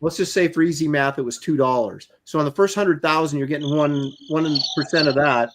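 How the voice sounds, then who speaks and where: Middle-aged man, rambling storyteller, higher voice. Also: brisk, heavy background noise. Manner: rambling, with many fillers and restarts. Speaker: podcast co-host and comic artist. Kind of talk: casual storytelling chat.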